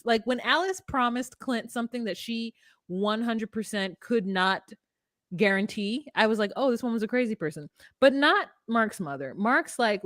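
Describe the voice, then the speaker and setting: A woman's voice: mid-range voice, expressive, no room sound, studio quality. A woman co-hosting a podcast, recapping a reality show in casual chat and acting out the people she quotes. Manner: fast, acts out quotes with put-on voices. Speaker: podcast co-host.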